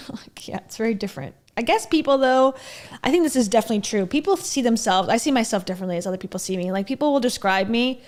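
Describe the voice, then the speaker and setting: A woman's voice: medium pitch, expressive, fast, a little mellow. A woman hosting a casual reaction video, making dry, sceptical asides about the clips she plays. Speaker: commentary video host.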